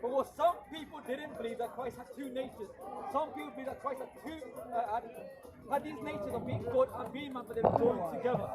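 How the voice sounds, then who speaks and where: A man arguing theology in a heated public debate outdoors, rapid and insistent. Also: extremely high pitch, steady tone, loud music behind the voice. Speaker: Christian street debater. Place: outdoor public park with crowd. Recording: busy outdoor crowd behind.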